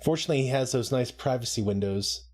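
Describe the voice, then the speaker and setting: A man's voice: medium pitch, fast talker, a little mellow. A man co-hosting a live watch-along, chatting casually, laughing often and making playful asides. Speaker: co-host of a show watch-along.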